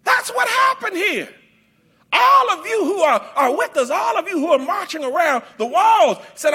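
High, bright-voiced male preacher shouting. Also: big pitch swings, normal speed. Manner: emphatic, repetitive, bursts into shouts. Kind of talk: sermon.

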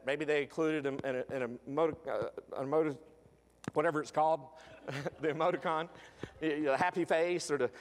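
A man's voice: fairly high pitch, big-room sound. A man preaching a sermon in a conversational way, with frequent fillers and restarts.

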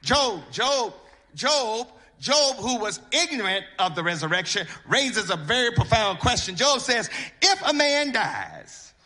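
A man preaching a sermon, half-chanting his lines, repeating words for emphasis and building up to shouts. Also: sits high, animated, measured pace. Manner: intoning and chanting, rising to shouts.

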